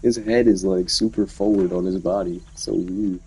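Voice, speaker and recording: A man's voice: deep voice, fairly even intonation, moderate pace, slightly rough, poor audio. A man giving casual gameplay commentary, blunt, swearing and mocking the game's dialogue. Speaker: gameplay streamer. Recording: voice over loud game music.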